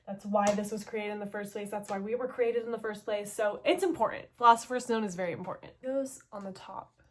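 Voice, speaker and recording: A woman's voice: mid-range voice, steady tone, a little fast, slight background noise. A young adult woman casually recapping a story game, gossipy and playful, saying "like" in almost every sentence.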